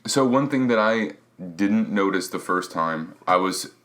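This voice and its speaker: A man's voice: fairly low pitch, lively intonation, measured pace, fairly bright tone. A man co-hosting a casual podcast chat with dry, teasing banter. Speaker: podcast co-host.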